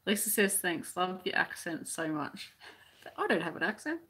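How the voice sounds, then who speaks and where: A woman's voice: on the low side, very animated, moderate pace, a bit bright, breathy edge. An Australian woman who teaches crochet, chatting casually on a live stream as she reads out viewer comments, rambling with many restarts.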